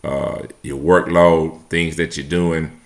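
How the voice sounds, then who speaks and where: Deep-voiced guy giving an earnest motivational talk, keeps repeating his main points. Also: fairly even intonation, takes it slowly. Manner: earnest, repeats key phrases for emphasis. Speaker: motivational speaker.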